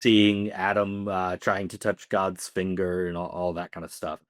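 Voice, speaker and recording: A man's voice: low voice, flat delivery, a little slow. A man co-hosting a podcast, telling a long story casually with many fillers. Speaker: podcast co-host.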